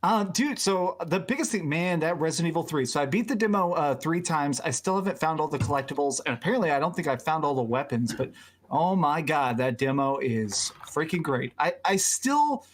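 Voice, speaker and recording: A man on a gaming podcast panel, talking in an excited, animated, casual way. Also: on the high side, brisk. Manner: excited, animated gamer talk. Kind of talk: casual chat.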